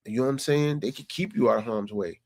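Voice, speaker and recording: A man's voice: mid-range voice, fast, creaky, a little mellow, no room sound. A man vlogging, telling a story in a loose, conversational way. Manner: conversational, repeats "you know what I'm saying". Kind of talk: casual storytelling.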